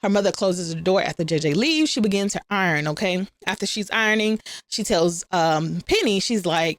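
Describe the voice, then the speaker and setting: A woman's voice: mid-range voice, animated, moderate pace, few pauses, dry recording. A woman host casually retelling a TV episode, chatting to her viewers and acting out the characters' lines in slangy, informal talk. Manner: chatty, addresses viewers as y'all; playfully acts out the characters' lines. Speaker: recap channel host. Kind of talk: casual storytelling recap.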